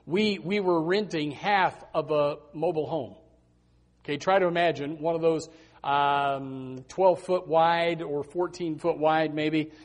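A high-voiced man delivers a sermon. He tells personal stories with animated emphasis and circles back to repeat his key words. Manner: animated storytelling, emphatic repetition. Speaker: preacher.

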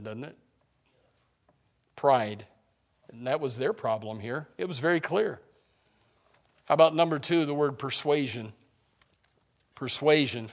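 A male preacher with a notably high voice delivers a sermon that swings between hushed, conversational asides and loud, impassioned passages. He often stumbles into restarts and repeats words as he builds momentum.

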